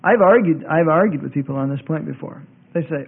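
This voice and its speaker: Bible teacher, male, high voice, insistent and repetitive, narrow phone-like old tape. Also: fairly quick, creaky, breathy edge. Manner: argumentative, repeats points for emphasis. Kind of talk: classroom lecture.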